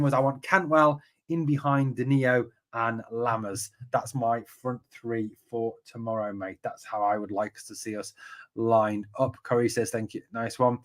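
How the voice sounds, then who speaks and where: Chatty English football podcast host. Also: male voice, mid-range voice. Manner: chatty, reads out comments and answers them with many ums. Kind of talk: live-stream football podcast, reading viewer chat.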